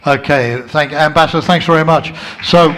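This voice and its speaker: A man moderating a conference panel, summing up with many pauses and fillers. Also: a little high, fairly even intonation, noisy background. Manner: halting, filler-heavy wrap-up.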